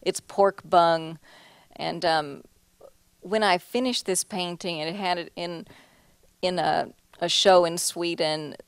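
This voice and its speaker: A woman artist talks casually about her paintings. Her voice sits low and the sound is close and dry, with no room around it. She chats along loosely, often laughing and restarting her sentences. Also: steady tone, takes it slowly, clear, resonant tone, no room sound. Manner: chatty, laughs often, many restarts and "you know". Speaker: artist giving a talk. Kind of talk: casual gallery talk. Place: museum lecture hall.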